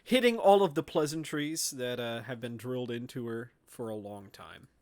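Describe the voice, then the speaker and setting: A man playing a tabletop game, speaking in a hesitant, halting way. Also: medium pitch. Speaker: player.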